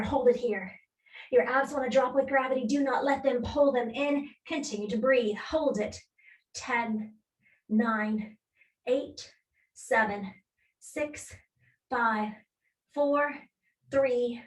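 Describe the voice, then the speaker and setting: A woman leading a live workout class as fitness instructor, cueing moves and counting reps with steady encouragement while she exercises along, a little out of breath. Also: high-pitched. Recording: echoey room, voice from a distance.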